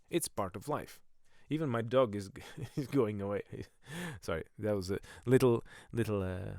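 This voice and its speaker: A man's voice: lowish voice, animated, normal speed, vocal fry, few pauses, darkish tone, no echo. A man hosting a podcast in a rambling comic monologue that keeps drifting off on tangents. He jokes at his own expense, and his voice swings up and down a lot. The sound is dry and close, with no room around it. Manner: jokey, self-mocking, goes off on tangents. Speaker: podcast host and comedian.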